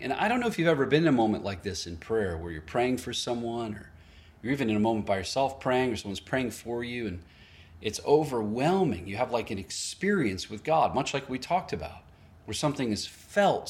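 A man preaching a sermon, earnest and storytelling, acting out both sides of a conversation with small laughs at himself. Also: medium pitch. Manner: storytelling, quoting others in varied voices; earnest, with self-deprecating laughs. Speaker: pastor.

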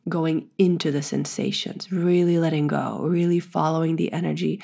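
Woman, personal storytelling, soft-spoken, meditative, gravelly, low voice. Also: steady tone, moderate pace. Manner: drops into whispers. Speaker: podcast guest telling her birth story.

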